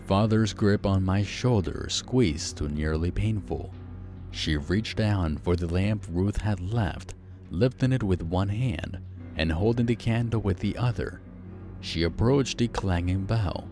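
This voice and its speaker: A man narrating a first-person horror story, slow, hushed and suspenseful. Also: low-pitched, faint music behind.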